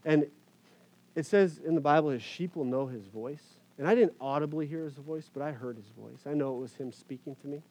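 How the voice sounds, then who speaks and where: Earnest pastor sharing a halting testimony. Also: male voice, on the high side, mellow, rough recording. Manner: earnest, halting, with repeated words and fillers. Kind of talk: personal faith testimony to an audience.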